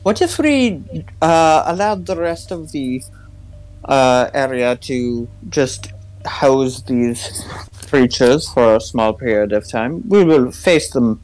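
A man playing a tabletop game, talking through a plan in halting, filler-filled speech. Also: medium pitch, darkish tone, low-quality recording. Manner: halting, many pauses and fillers. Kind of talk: in-character party planning.

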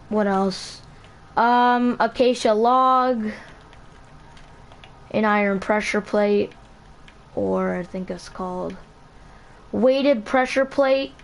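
Slow, halting woman giving a game tutorial. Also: medium pitch, fairly even intonation. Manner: halting, self-correcting, repeats item names. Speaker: channel host. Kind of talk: casual game building tutorial.

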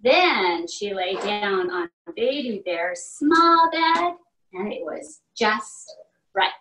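A preschool teacher, a woman, reading a storybook aloud to children in a slow, animated, expressive way, heard from far off in an echoey classroom. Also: fairly high pitch.

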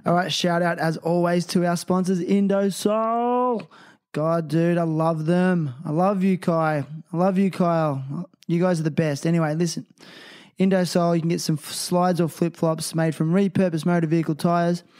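A man's voice: on the high side, level tone, normal speed, darkish tone. A man hosting a casual podcast, playful and teasing, reading sponsor ads with enthusiasm. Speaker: podcast host. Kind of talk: casual podcast chat with ad reads.

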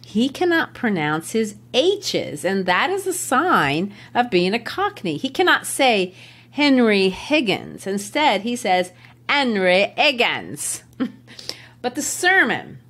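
Woman literature teacher, podcast host, very animated intonation. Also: mid-range voice, measured pace. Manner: explanatory, laughs easily. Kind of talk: educational literature discussion.

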